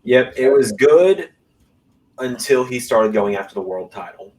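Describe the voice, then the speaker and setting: A young man hosting a podcast, chatting casually and making quick, wry remarks. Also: medium pitch, animated, a little mellow. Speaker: podcast host. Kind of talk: casual chat.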